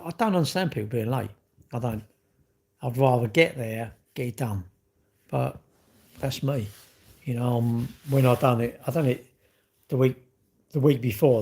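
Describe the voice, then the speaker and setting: A man's voice: medium pitch, a little mellow, husky. A middle-aged man, rambling through casual live-stream chat and answering viewers' comments with strong opinions. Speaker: livestream host.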